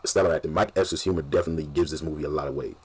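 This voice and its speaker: A man's voice: extremely low pitch, fairly even intonation, racing, slightly rough. A man casually reacting to a movie, animatedly retelling scenes and laughing often.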